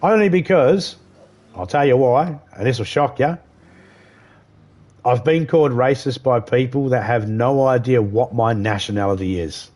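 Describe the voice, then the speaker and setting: During casual chat on his game stream, a man swears, rambles and circles back to what he's already said. He speaks unhurriedly in a mid-range, slightly mellow voice.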